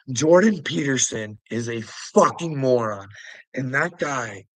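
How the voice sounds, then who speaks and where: A man's voice: mid-range voice, a bit bright, no echo, low-quality recording. Guy ranting on his channel, cussing a ton, rambly and worked up, dead dry mic. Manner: rambling, heavy swearing, agitated. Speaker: religious video commentator. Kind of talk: profane ranting monologue.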